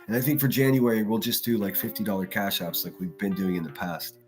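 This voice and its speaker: A man hosting a livestream, ranting in a crude, mocking way and shifting in loudness as he talks. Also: lowish voice, fairly even intonation, quick pace, faint music behind. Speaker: livestream host. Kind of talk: profane livestream rant.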